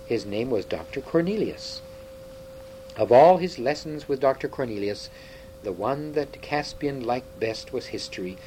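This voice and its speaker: A man narrating a children's story aloud in a lively, expressive manner. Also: mid-range voice, measured pace, slight background noise, low-quality recording.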